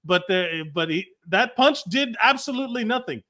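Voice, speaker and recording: Male comic co-host, lively and swearing freely, voice sits a touch high. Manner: animated, profane, quick to laugh. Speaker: comedian and podcast co-host. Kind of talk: casual chat.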